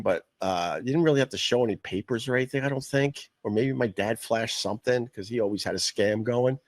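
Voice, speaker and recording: A man's voice: on the low side, brisk, hardly any pauses, no room sound. A middle-aged man from Long Island who hosts a livestream and chats casually, rambling and blunt. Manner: rambling and blunt, swears freely. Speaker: podcast host.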